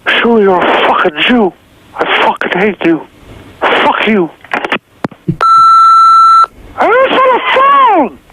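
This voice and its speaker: A man voicing a high-pitched, whiny, petulant man who screams demands for food, heard over a noisy phone line. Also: huge pitch swings, slow pace, long pauses, heavily acted. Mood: raging. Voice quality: shrill, whiny. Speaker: caller doing an impression.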